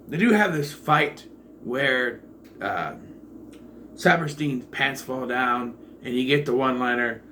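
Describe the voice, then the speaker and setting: A man talks through a film review in a loose, casual way, trailing off into asides and fillers with a swear here and there. His voice sits at an ordinary middle pitch, swinging from bursts of loud excitement to murmured comments. A faint hiss sits underneath. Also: takes it slowly. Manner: rambling and digressive, with profanity and many fillers. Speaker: movie reviewer. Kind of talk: casual spoken movie review.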